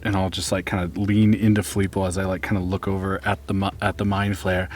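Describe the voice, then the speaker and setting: A man's voice: low-pitched, little pitch movement, fairly quick, hardly any pauses, a little hiss or hum. A man playing a tabletop game, talking casually and laughing often. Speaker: player.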